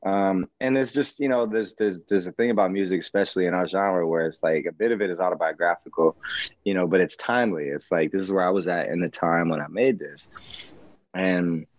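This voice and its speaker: Rapper guest on a call: low, laid-back, rambling, muffled dry audio. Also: male voice, brisk, dry recording. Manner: relaxed, rambling, many fillers and restarts. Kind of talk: casual interview chat. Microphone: video call.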